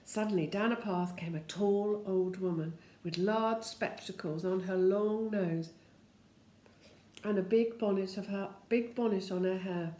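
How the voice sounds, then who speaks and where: An older woman reads a children's book aloud in a homely way, dropping in little chatty comments between passages. Her voice sits at an ordinary middle pitch. The room gives it a clear echo. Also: fairly even intonation, a little slow, mellow. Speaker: storyteller. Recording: echoey room.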